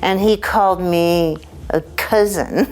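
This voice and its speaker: A woman's voice: lowish voice, takes it slowly, slight background noise, rough recording. Woman comic telling a stage story. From Canada. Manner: animated, acts out dialogue. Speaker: stand-up comic. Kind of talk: interview anecdote.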